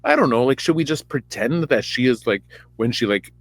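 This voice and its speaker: A man's voice: mid-range voice, lively intonation, fairly quick, a bit bright, no room sound. A podcast host, a man, retelling a Bible story in a rambling, irreverent, campy way.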